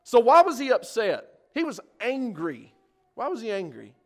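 A man's voice: extremely high pitch, big pitch swings, moderate pace, a bit bright. A male preacher giving an earnest sermon on a scripture passage, building in force on key points.

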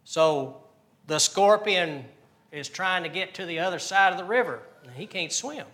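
A man's voice: sits high, lively intonation, moderate pace, pushed and bright. A man preaching a sermon, earnest and repetitive, asking the congregation questions. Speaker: pastor.

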